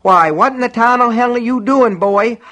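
A man voicing a scrawny, panicked old country man who gasps out shrill outbursts. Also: moderate pace, pushed and bright. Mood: shrill alarm. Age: older.

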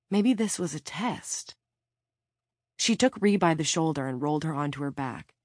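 Low-voiced woman audiobook narrator. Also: dry recording, clean studio sound. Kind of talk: scripted narration.

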